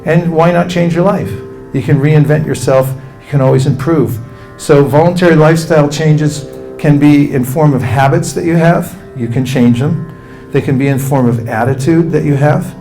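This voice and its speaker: A man giving a spiritual talk as a meditation teacher, calmly instructing listeners and leading them in mantra chanting. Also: on the high side, normal speed, hardly any pauses, faint music behind. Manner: calm, instructive, leads the audience through chanting.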